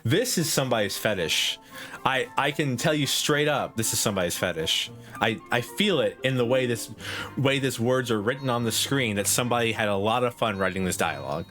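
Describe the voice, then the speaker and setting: Young male streamer, joking, laughing, swearing, mid pitch, faint music. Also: moderate pace, fairly bright tone. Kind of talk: casual game commentary.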